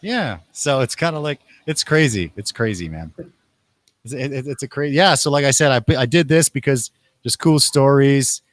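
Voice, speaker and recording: A man's voice: mid-range voice, lively intonation, normal speed, no room sound. A young man hosting a casual talk show, telling stories and acting out quotes in raised voices. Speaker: podcast host. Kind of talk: casual conversational storytelling.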